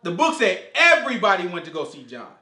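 A man teaching a casual Bible study in an animated way, quizzing his listeners and acting out dialogue. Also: high-pitched, fast talker. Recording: echoey room.

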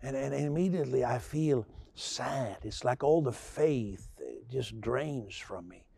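Gravelly-voiced man preaching emphatically. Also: mid-range voice, unhurried, warm tone, dry recording. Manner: repetitive stammering restarts, rising to emphatic outbursts. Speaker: pastor. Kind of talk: sermon.

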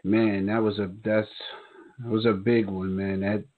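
Husky-voiced New man over a phone line. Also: fairly low pitch, a little slow. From New York. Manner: animated, profane, acts out quoted voices. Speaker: podcast co-host. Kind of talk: casual storytelling chat.

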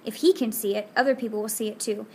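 A woman narrates a first-person novel with earnest, intimate delivery. Her voice sits slightly high, and a faint hiss lies under the recording. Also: steady tone, quick pace, a little mellow. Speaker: audiobook narrator.

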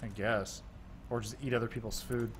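A man's voice: mid-range voice, fairly even intonation, normal speed, background noise. Dry-voiced man playing a game. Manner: dry, offhand remarks while playing. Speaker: let's play player. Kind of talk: casual gameplay banter. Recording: faint game music. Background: faint game music.

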